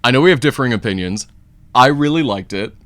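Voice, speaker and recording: A man's voice: medium pitch, lively intonation, fast, fairly bright tone, dry recording. A man co-hosting a casual movie review chat, telling the story with some dramatic flair. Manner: enthusiastic, tells plots with dramatic flair.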